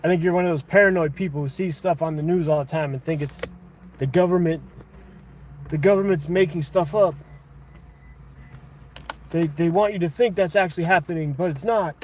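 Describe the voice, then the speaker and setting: Fairly high-voiced man chatting with viewers. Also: moderate pace, long pauses, slight background noise. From United States. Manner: conversational, argumentative with chat, thinking aloud. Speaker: livestream host. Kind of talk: casual livestream chat reading viewer comments.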